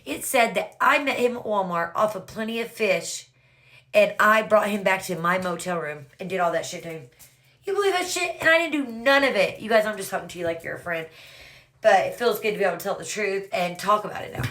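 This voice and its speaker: A woman's voice: medium pitch, animated, fairly quick, fairly bright tone. A woman casually telling her own story to viewers, rambling and swearing freely, often calling out "you guys".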